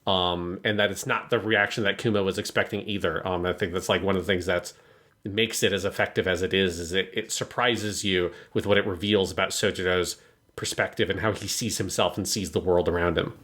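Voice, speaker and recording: A man's voice: deep voice, steady tone, brisk, a bit bright. A man co-hosting a podcast, picking apart a story in casual, analytical chat and swearing now and then. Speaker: podcast co-host.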